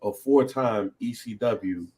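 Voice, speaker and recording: A man, co-hosting a casual podcast, talking excitedly with frequent laughs and high, animated bursts. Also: takes it slowly, a little hiss or hum. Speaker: podcast co-host.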